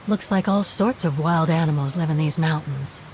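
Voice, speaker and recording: An actress voicing a woman traveler hiking alone through mountains in a video game, making calm, matter-of-fact remarks. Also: sits low, normal speed, a little hiss or hum. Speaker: game character.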